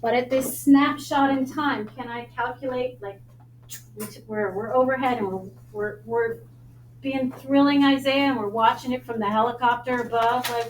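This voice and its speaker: Brisk, joking math teacher, woman, Long Island accent; roomy classroom sound with faint noise. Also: fairly high pitch, steady tone. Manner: brisk, joking, quizzes students.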